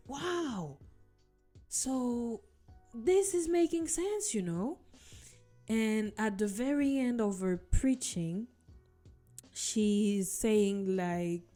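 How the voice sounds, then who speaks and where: Slow-talking woman with a mellow voice. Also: mid-range voice. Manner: earnest, storytelling, addresses viewers as guys. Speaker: vlogger sharing her testimony. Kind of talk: casual personal testimony. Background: soft background music.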